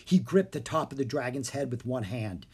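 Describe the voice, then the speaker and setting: A narrator reading a children's fantasy book aloud with steady storytelling. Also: mid-range voice, moderate pace, breathy edge. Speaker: audiobook narrator.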